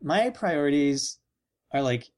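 Deadpan joking man. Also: fairly high pitch, slow. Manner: deadpan wisecracks, mock quotes. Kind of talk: casual comedic chat.

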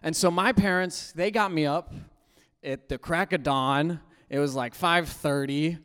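A young man telling a funny personal story to a live audience, animated, often jumping into high squeaky voices to act out his younger self. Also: measured pace, clear, resonant tone. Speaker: storyteller speaking to a youth audience. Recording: long hall reverb.

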